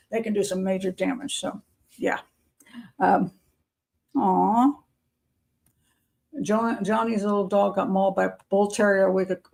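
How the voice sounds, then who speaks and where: Older woman with a gravelly, creaky voice. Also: medium pitch. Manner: rambling and chatty, with frequent fillers and restarts. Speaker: host of a live patron chat show. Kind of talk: casual live-stream chat.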